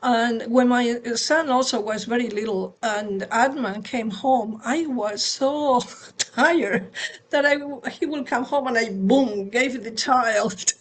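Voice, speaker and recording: A woman co-hosting a spiritual talk on parenting, speaking in a gentle, conversational way over a video call. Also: a little high, slow. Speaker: satsang co-host and parent.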